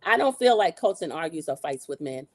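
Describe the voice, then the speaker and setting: A woman's voice: low-pitched, big pitch swings, fairly quick. A woman hosting a casual recap, retelling scenes with quoted dialogue and blunt opinions. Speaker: show recap host.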